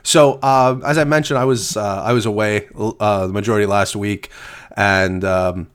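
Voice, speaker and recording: A man from Canada co-hosting a podcast, talking in a relaxed, casual way and chiming in with short reactions. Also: fairly low pitch, normal speed, smooth. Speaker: podcast co-host. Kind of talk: casual chat.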